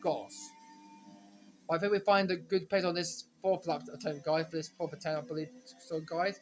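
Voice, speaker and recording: A man giving rambling, self-correcting commentary while playing a racing game, now and then breaking into frustrated shouts. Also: fairly high pitch, little pitch movement, normal speed, faint music behind. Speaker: gaming commentator. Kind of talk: casual let's-play commentary.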